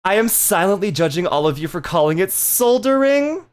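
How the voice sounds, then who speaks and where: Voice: medium pitch, very animated, moderate pace, smooth. Giggly streamer chatting w chat, super bouncy voice, crude jokes. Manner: playful, giggly, crude joking. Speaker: live streamer. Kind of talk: casual live-stream chat with viewers.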